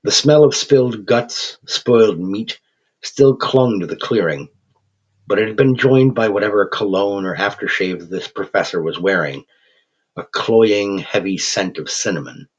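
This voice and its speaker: A man's voice: on the low side, measured pace, breathy edge. A man giving scripted horror narration as a storyteller, dramatic and wry. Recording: dull lo-fi recording.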